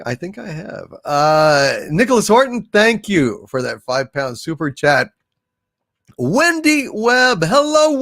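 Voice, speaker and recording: Theatrical, lively-pitched male stream host. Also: creaky, no room sound, clean studio sound. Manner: theatrical, drifts into recited verse, song and impressions; halting, with many fillers and restarts. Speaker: livestream host. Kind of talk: casual live-stream chat reading super chats.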